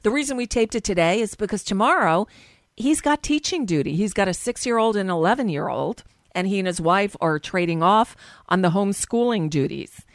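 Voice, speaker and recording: A woman hosts a radio talk show, chatting casually and sympathetically with her co-hosts before wrapping up the program. Her pitch moves a lot as she talks, and her voice sounds close and dry in the studio. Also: lively intonation, a little fast, dry recording.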